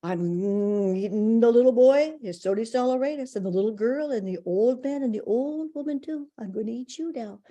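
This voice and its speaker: A woman voicing a great big hungry bear in a folk tale, delivering slow, looming threats in a slightly lower voice. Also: warm tone, natural voice. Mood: menacing.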